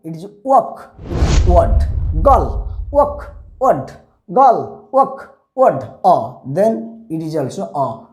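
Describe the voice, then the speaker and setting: A man's voice: high voice, very animated, darkish tone. A man teaching English vowel sounds, drilling each word over and over and slipping in Hindi words. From India. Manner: repeats each word many times, slow and drilling. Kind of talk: classroom phonics lesson. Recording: echoey room.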